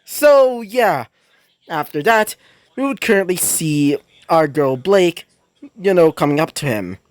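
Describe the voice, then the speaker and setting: A man's voice: a little high, animated, unhurried, dry recording. A young man casually narrating a fan crossover story, rambling with frequent fillers. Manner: rambling, many fillers like "you know".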